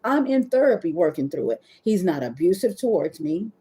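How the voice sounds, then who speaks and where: A woman's voice: on the low side, big pitch swings, fairly quick, warm tone. A woman hosting a livestream, talking candidly and rambling to her viewers, at times close to tears. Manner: emotional, near tears at times. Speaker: webcam model hosting a livestream. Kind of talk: casual confessional livestream talk. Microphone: phone or webcam on a live stream.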